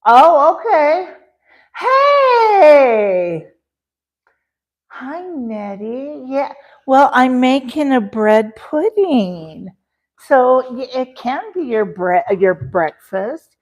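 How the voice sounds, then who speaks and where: A woman's voice: high-pitched, sing-song, drawn-out words, highs cut off. A woman hosting a casual cooking livestream from her home kitchen, chatty and rambling, full of fillers and talking to her chat. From Rocky Mountains, USA. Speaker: livestream host.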